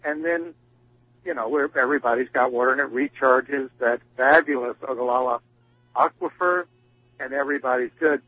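A man's voice: mid-range voice, moderate pace, slightly rough, no echo, phone-quality sound. A man who is a guest on a radio talk show, speaking about climate in a folksy, wry, explanatory way. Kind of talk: casual radio interview.

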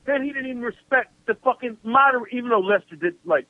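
Fired-up caller on a tinny phone line. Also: male voice, extremely high pitch, quick pace, few pauses. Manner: profane, heated, ranting. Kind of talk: angry political rant on a call-in show. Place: South Carolina.

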